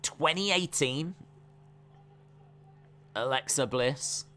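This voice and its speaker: Bright, clear-voiced man commentating. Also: medium pitch, very slow. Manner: chatty, rambling, trails off with fillers. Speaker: live stream host. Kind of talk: casual live reaction and play-by-play commentary.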